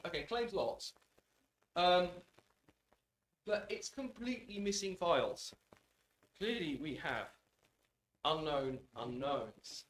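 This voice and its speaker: A man presenting a technical talk in a conference hall, his fairly high voice carrying a roomy echo. He talks with dry, self-deprecating humor, pausing often on ums. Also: fairly bright tone. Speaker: conference speaker.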